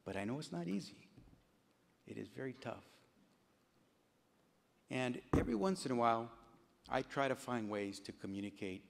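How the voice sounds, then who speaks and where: A middle-aged man gives a lively storytelling speech at a gala, jumping up and down in pitch as he acts out what others said. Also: normal speed, gravelly, pauses often. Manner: animated storyteller, voice jumping up and down when quoting others. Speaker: congressman giving an award speech. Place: large banquet hall. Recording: long hall reverb.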